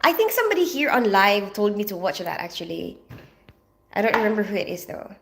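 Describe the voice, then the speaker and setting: A woman's voice: mid-range voice, big pitch swings, fairly quick, gravelly, noisy background. A woman from the Philippines, chatting casually on a livestream in a rambling way, full of fillers. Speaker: livestreaming vlogger.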